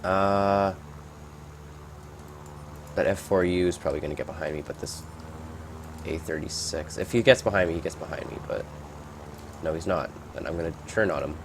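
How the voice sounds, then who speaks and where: A man giving casual, rambling gameplay commentary, reacting out loud and swearing at surprises. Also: very deep voice, normal speed, long pauses, background noise.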